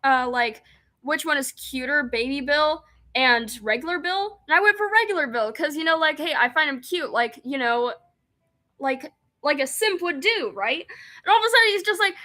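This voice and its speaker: A young woman streaming a game, reading its text aloud and chatting excitedly, often laughing and rambling. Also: sits high, normal speed. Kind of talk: casual let's-play chat, reading game text aloud.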